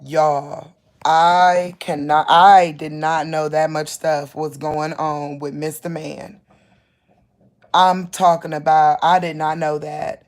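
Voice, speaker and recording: A woman's voice: low-pitched, little pitch movement, slow. A woman vlogging late at night while lying down, rambling in disbelief and repeating herself as she talks to her viewers on a phone. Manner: rambling, incredulous, repeats herself, restarts often.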